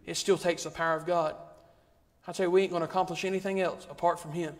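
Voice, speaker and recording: A guest preacher delivers a sermon in a church sanctuary, using a rhythmic, repetitive style that builds emphasis. His voice is fairly high and level, and he talks fast. The long reverb of the church hall carries through the recording.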